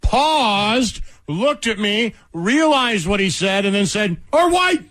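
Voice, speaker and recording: A man with a notably high speaking voice trades jabs on a radio talk show. His talk is casual and relentlessly needling as he ribs his co-host. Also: animated, slow, a bit bright. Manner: teasing, needling.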